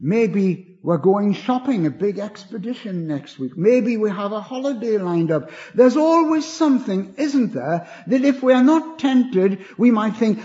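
An older preacher with a high, highly animated voice that climbs on emphasis and sinks to a hush. His delivery is slow, earnest and gentle. The recording sounds dull and lo-fi. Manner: earnest and gentle, rising with emphasis then dropping low. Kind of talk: sermon.

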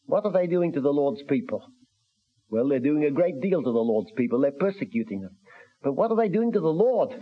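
A man preaching a sermon, measured and earnest, reading scripture aloud in old-fashioned wording. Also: on the high side, slightly rough. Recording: dull lo-fi radio recording.

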